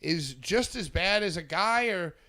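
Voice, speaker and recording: A man's voice: sits high, animated, measured pace, bright, forceful tone. A man hosting a podcast, teasing his co-hosts in casual banter in a studio. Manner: teasing, mock-scolding. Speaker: podcast host.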